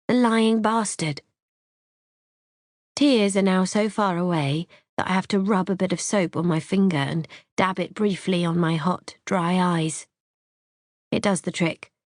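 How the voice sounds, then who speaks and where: A woman's voice: on the low side, darkish tone, no echo, clean studio sound. A woman reading a first-person thriller in a wry, conversational way. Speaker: audiobook narrator.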